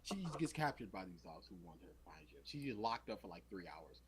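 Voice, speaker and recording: A young man co-hosting a podcast in casual chat, animated and acting out scenes in quoted voices. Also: low-pitched, fairly quick, crowd noise. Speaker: podcast co-host.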